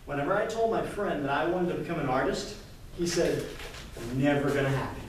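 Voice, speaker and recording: A man from Kentucky giving a lively storytelling pitch to a live audience, acting out the dialogue as he goes. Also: a little fast, slight background noise. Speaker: entrepreneur presenter. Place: live event room, indoors. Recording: echoey room, mic far off.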